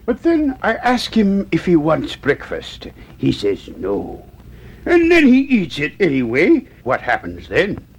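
Fretful mother mouse, storybook, voiced by a man, high and drawn out. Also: wildly swooping pitch, a little slow, husky, exaggerated voice. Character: fussy mother mouse, middle-aged.

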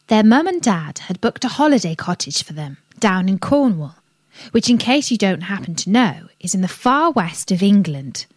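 A woman reading a children's story aloud on a radio show, gentle and expressive. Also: medium pitch, moderate pace, no room sound.

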